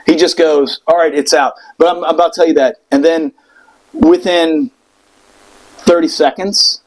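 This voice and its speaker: A man telling a personal story in casual podcast chat, animated and profane, acting out the people in it. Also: on the high side, moderate pace, poor audio. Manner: animated, profane, acts out voices in quotes.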